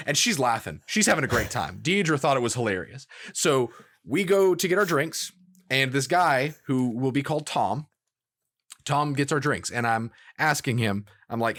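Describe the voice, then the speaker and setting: A man co-hosting a gaming podcast, telling a story in casual chat, animated and laughing as he quotes others. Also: medium pitch, moderate pace. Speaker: podcast co-host.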